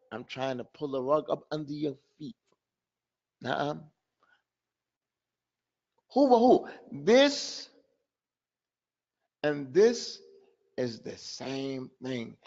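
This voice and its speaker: A man's voice: on the high side, big pitch swings, takes it slowly, pauses often. A man teaching recitation in a live online class, drilling sounds over and over and mixing Arabic terms into his explanations. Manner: drills pronunciation by repeating sounds. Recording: dull lo-fi online class audio.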